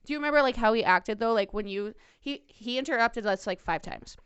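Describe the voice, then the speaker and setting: Blunt, swearing woman with a smooth voice. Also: fairly high pitch, animated, a little fast, fairly bright tone, no room sound. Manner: blunt, profane, storytelling. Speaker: podcast co-host. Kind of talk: casual chat.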